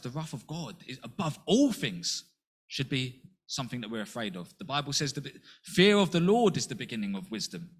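A man delivers an earnest sermon, posing rhetorical questions and raising his pitch sharply whenever he acts out a quotation.

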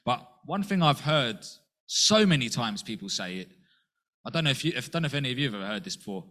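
A man preaching a sermon in an earnest way, asking rhetorical questions and jumping up in pitch to act out quotes. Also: very animated, fast, fairly bright tone.

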